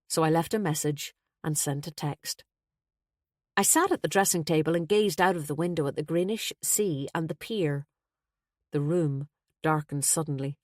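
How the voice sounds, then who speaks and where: A woman with a fairly low voice reads a first-person mystery in a steady, measured way. The sound is dry and close, with no room around it. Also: dry recording. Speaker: audiobook narrator.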